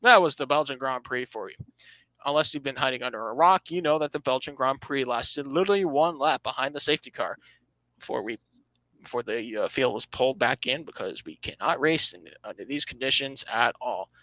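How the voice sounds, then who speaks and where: Bright-voiced man hosting a racing podcast. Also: medium pitch, brisk, dry recording, rough recording. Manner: reads out standings, restarts phrases, dry sarcasm. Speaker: podcast host. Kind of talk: casual motorsport podcast talk.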